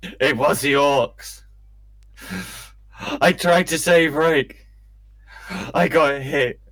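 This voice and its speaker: A man voicing a grieving, scarred male dwarf warrior who stammers out halting pleas. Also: a little high, steady tone, fairly bright tone, pitched above the performer's own voice. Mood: distraught.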